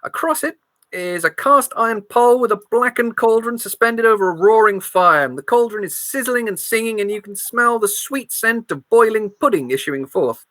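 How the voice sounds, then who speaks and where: A woman's voice: a little high, animated, normal speed, fairly bright tone, no room sound. A woman running a tabletop game as game master, narrating scenes with playful description and small slips.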